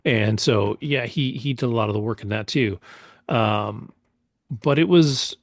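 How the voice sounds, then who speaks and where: A man's voice: medium pitch, measured pace, no room sound, studio quality. A man co-hosting a podcast, reviewing a film in casual chat, rambling with lots of fillers and restarts. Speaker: podcast co-host.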